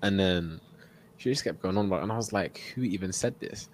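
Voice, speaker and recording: A man's voice: sits low, quick pace, a little hiss or hum. A young man, telling a story in casual chat as a podcast co-host, acting out what people said and laughing often. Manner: animated storyteller, acts out quotes, laughs often.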